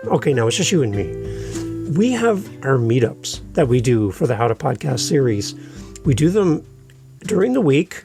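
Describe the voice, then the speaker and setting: A man hosting a solo podcast, giving energetic, playful advice and sometimes mimicking listeners in silly voices. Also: fairly high pitch, creaky. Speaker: podcast host.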